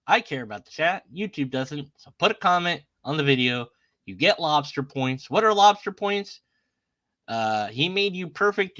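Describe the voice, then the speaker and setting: A man's voice: on the high side, pushed and bright. A man hosting a casual online video, talking sarcastically through a string of questions and mock voices. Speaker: YouTube host. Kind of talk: casual commentary on images.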